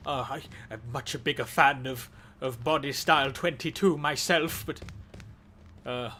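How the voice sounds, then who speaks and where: A man's voice: mid-range voice, steady tone, a little slow, sharp tone, a little hiss or hum. Dry, stammering man narrating a game. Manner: dry, wry, stammering with many restarts. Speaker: gaming video host. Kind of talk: let's play commentary.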